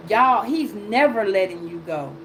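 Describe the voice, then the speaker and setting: A woman's voice: medium pitch, expressive, a little slow, a bit bright, a little hiss or hum, rough recording. A woman host telling a personal story in a casual rant, blunt and profane with emphatic retelling. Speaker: astrology and tarot channel host.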